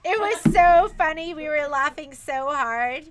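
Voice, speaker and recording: A woman's voice: high-pitched, lively intonation, unhurried, noisy background. A woman co-hosting a store livestream, joking and self-deprecating, often laughing as she talks. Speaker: store co-owner and livestream co-host. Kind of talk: casual livestream chat.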